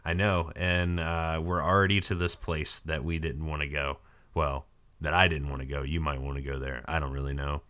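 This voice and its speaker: A man hosting a podcast in casual chat, hoarse from a cold, joking crudely and rambling. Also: extremely low pitch, little pitch movement, moderate pace, a bit bright. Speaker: podcast host.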